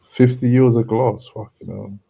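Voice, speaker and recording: A man's voice: mid-range voice, steady tone, moderate pace, creaky, mellow, slightly rough. A man chatting casually on a stream, laid-back and slangy. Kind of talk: casual chat.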